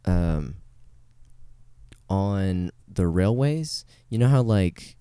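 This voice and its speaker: A man's voice: low-pitched, lively intonation, drawn-out words, dark tone, clean tone, no room sound. A man hosting a casual podcast chat, rambling and laid-back, swearing casually, on a studio podcast microphone. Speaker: podcast host.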